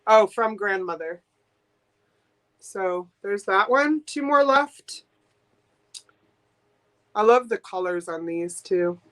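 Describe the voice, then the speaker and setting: A woman's voice: medium pitch, animated, fairly bright tone. Chatty woman from Boston selling postcards. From Boston, USA. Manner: chatty and enthusiastic, quick giggles. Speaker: guest seller at a live vintage sale. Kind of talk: casual live-stream sales chat.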